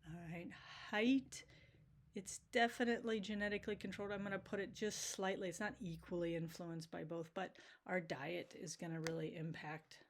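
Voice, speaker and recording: A woman's voice: fairly low pitch, fairly even intonation, moderate pace. A woman teacher giving a recorded video lesson, talking casually and often checking in with "right?".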